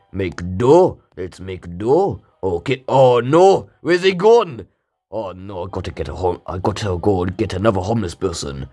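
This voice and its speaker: Excitable man with a cold, lively pitch. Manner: excitable, yelps and pleads in comic panic. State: has a bad cold. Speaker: gaming channel host. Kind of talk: gameplay commentary. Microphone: playing on mobile.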